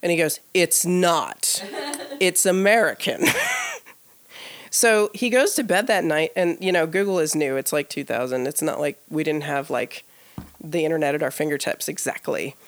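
Gravelly lower-voiced woman telling a story. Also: normal speed. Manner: animated, laughing, lots of "like" fillers, acts out quoted dialogue. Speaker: podcast co-host. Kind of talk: casual storytelling. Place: live podcast taping before an audience.

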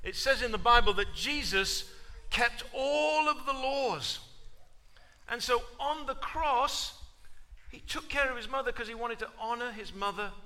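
A man's voice: extremely high pitch, unhurried, bright, forceful tone. A man leading a church gathering, upbeat and rallying the crowd. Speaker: church leader. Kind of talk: lively talk to a congregation.

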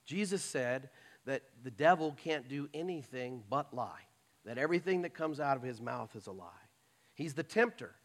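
A man preaching a sermon in a conversational way, dropping into soft mocking asides. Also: medium pitch, expressive, moderate pace. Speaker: pastor.

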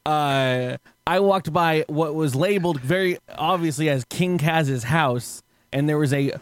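A man's voice: fairly high pitch, no echo. Rambling, laughing podcast host man. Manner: rambling, swearing, laughing often. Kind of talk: casual storytelling chat.

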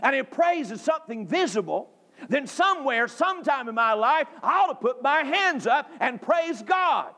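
A man from North Carolina, preaching a sermon emphatically, repeating phrases and rising to shouts. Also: very high voice, sing-song, normal speed. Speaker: pastor. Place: church sanctuary.

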